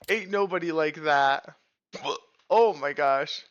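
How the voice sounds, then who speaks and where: A woman's voice: low-pitched, extremely slow, pauses often, highs cut off. A woman streaming a video game live, chatting casually with her viewers, reacting aloud and reading on-screen text, and swearing freely.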